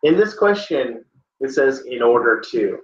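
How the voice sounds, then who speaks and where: A man's voice: medium pitch, big pitch swings, a little slow. A male teacher leading a classroom test-prep lesson, questioning students and prompting them by name. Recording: echoey, dull classroom recording with faint noise.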